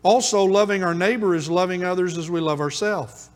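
A man's voice: sits high, fairly quick. A male pastor preaching a sermon in a church, repeating key phrases with emphatic rhythm. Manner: emphatic, repetitive preaching cadence. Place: church sanctuary. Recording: long hall reverb.

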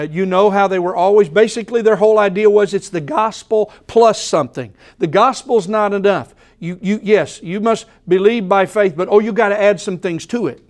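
A man's voice: high-pitched, a little mellow. A man preaching a sermon in a church, earnest and emphatic, often restarting his phrases. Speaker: pastor.

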